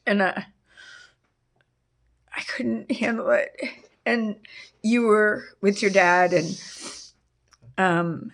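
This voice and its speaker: A middle-aged woman telling a painful personal story in an interview, halting and full of restarts. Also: mid-range voice. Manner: halting, with many restarts and fillers. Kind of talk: emotional personal testimony.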